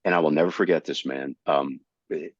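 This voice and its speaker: A man in his sixties from Florida, a comedian guest telling animated stories in casual conversation. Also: extremely low pitch, a little fast, no room sound. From Tampa, Florida. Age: 60s. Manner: animated storyteller. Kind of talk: casual storytelling. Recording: dull, slightly lo-fi dry recording.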